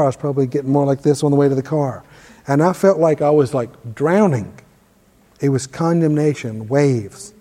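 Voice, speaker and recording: A man with a somewhat high yet mellow voice tells a personal story while teaching, easygoing and self-deprecating. His voice rings out with a long reverb, as if in a large hall. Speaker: ministry teacher.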